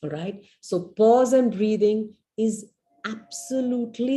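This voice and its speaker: Mellow-voiced woman coaching parents. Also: on the high side, takes it slowly. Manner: earnest and coaching, frequent "you know" and "right?" checks; leads listeners through a guided visualization. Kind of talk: live webinar teaching.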